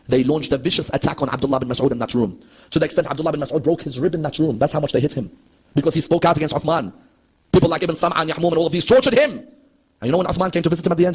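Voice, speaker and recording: A man's voice: on the high side, husky. A man giving an impassioned religious history lecture, asking the audience rhetorical questions and acting out quoted dialogue. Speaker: Shia preacher.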